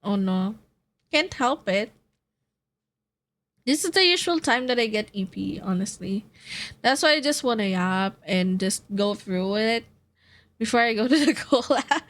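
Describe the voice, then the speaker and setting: A woman's voice: medium pitch, fairly bright tone. A sleepy young woman from the Philippines, streaming and chatting casually, rambling, yawning, laughing often and swearing. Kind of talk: casual chat.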